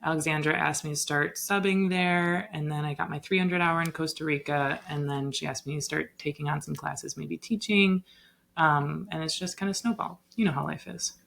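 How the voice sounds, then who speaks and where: Bright, animated young woman storyteller. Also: low-pitched, normal speed, creaky. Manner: animated, lots of "like" and "um". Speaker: guest, yoga teacher. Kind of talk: casual storytelling in a podcast interview.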